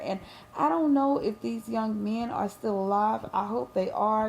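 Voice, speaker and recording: A woman's voice: fairly high pitch, unhurried, creaky, few pauses, darkish tone. A woman telling a personal story to her viewers in an impassioned, preachy way. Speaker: vlogger. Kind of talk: emotional storytelling vlog.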